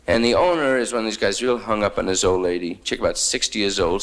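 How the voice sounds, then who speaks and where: A man's voice: on the low side, a bit bright, a little hiss or hum. A man from New York doing a wry, rambling stand-up monologue full of hip slang. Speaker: stand-up comedian.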